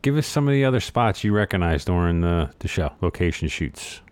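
A man's voice: low-pitched, lively intonation, a little fast, a little mellow, smooth, no room sound. A man with a South Philadelphia accent, wry and teasing in casual chat.

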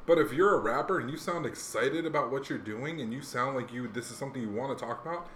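A man's voice: mid-range voice, quick pace, a bit bright, a little hiss or hum. A man chatting casually about rap music, rambling with many fillers and restarts. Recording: echoey room.

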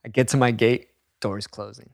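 A young man telling a story in casual chat, animated and profane, acting out the people in it. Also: mid-range voice, moderate pace, very noisy.

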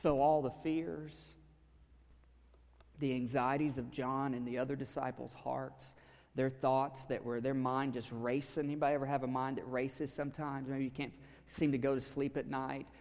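Preacher in a reverberant hall. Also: male voice, medium pitch, flat delivery, moderate pace. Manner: conversational, swings from loud to hushed. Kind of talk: sermon. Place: church sanctuary with a live audience.

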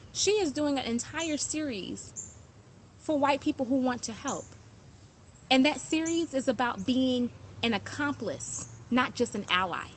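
A woman's voice: high voice, fairly bright tone, slight background noise. A woman hosting a show, talking to her listeners in a passionate, emphatic monologue and repeating phrases to drive her points home. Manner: conversational, thanks commenters mid-talk. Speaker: podcast host.

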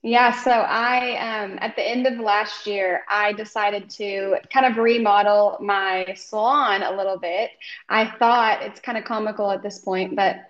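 A woman's voice: medium pitch, fairly even intonation, a little slow, fairly bright tone, echoey room, highs cut off. A woman from Oklahoma, a hairstylist guesting on a podcast, talking in a friendly, rambling way with many ums. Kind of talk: casual podcast interview.

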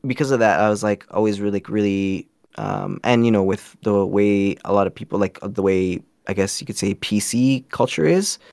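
A man's voice: fairly low pitch, moderate pace, creaky, hardly any pauses, a little mellow, dry recording, clean studio sound. A man speaking as a podcast guest in a casual interview, earnest, rambling and self-conscious.

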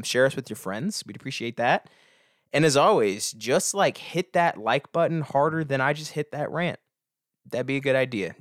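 A young man co-hosting a podcast in casual chat, ranting in a rambling, energetic way with stammered restarts. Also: medium pitch, no echo, studio quality. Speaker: podcast co-host.

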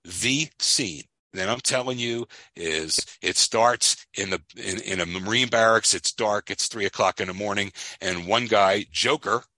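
A man retelling a film scene on a casual podcast, piling up restarts and emphatic words as he goes. His voice is bright and forceful. The sound is dry and close to the mic. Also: lowish voice, unhurried, few pauses, dry recording. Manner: emphatic, rambling, many restarts. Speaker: podcast co-host. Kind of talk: casual chat, storytelling.

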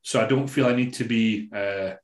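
A man's voice: lowish voice, normal speed, echoey room. A Scottish man, a bodybuilding coach, chatting casually on a podcast, telling stories loosely with lots of swearing and fillers. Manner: swears freely, relaxed storytelling with many fillers.

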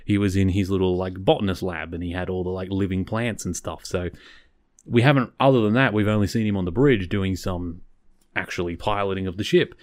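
A man's voice: low voice, brisk, no room sound. A man hosting a podcast, recapping an episode in a casual, rambling way and often correcting himself. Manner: rambling, self-correcting, conversational. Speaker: podcast host.

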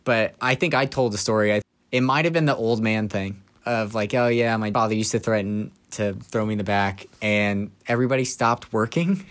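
A young man on a podcast, casually telling dark childhood stories with laughter and quoting people in put-on voices. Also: lowish voice, moderate pace, hardly any pauses. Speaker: podcast co-host. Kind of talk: casual storytelling chat.

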